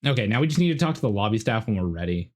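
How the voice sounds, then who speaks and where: A young Canadian man with a Canadian accent chatting excitedly while streaming a game. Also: on the low side, rapid-fire. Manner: excitable, animated. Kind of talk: casual gameplay commentary.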